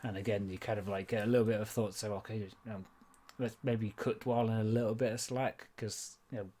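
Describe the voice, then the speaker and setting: A man's voice: on the low side, fairly even intonation, fairly quick, warm tone. A man narrating as game master of a tabletop game in a loose, rambling, chatty way.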